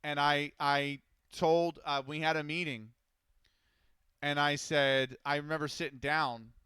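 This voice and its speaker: A man's voice: a little high, fairly even intonation, a little slow, bright, forceful tone, clear, resonant tone, no room sound. A man, an esports commentator, telling a long story casually on a live stream, rambling and restarting as he quotes others.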